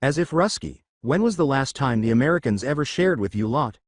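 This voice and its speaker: A man playing a brash, teasing Irish woman with an Irish accent. The lines bounce with lively pitch. The reading sounds close and dry. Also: fairly quick, no echo, natural voice.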